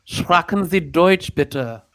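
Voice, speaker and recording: A man's voice: a little high, expressive, gravelly, pitched above the performer's own voice, heavily acted. A man hamming up a grand German count father. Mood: grand, tender. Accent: mock German. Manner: slow, grand, theatrical. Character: stern aristocratic father, a German-speaking count.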